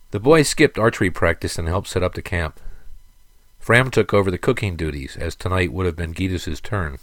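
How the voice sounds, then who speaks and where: A man reads a fantasy novel aloud in a steady storytelling voice. His voice is deep, and the recording is close and dry. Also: no room sound. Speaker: narrator. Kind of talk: audiobook narration.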